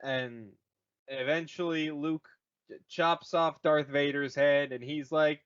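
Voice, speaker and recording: A man hosting a podcast, rambling through a jokey recap of a movie and slipping into quick silly voices. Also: on the high side, steady tone, fairly bright tone, clean tone, highs cut off. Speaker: podcast host retelling a movie. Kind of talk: casual comedic recap.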